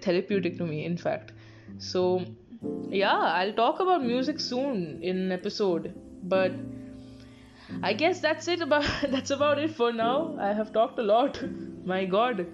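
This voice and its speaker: A woman's voice: medium pitch, animated, measured pace. Young indian english woman from bangalore rambling on her podcast, laughing and cursing, muffled lo-fi sound with music playing under. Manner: laughing often, swearing, chatty storytelling. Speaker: podcast host. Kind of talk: casual solo podcast chat.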